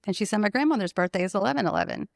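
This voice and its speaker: A woman who owns a salon, telling an emotional personal story in an animated, conversational way and laughing often. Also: medium pitch, racing, vocal fry, no room sound, clean studio sound. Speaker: salon owner.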